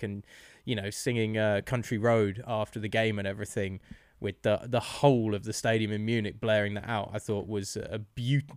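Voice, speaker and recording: A man's voice: lowish voice, dry recording, clean studio sound. Joking, talkative podcast host man. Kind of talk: casual chat.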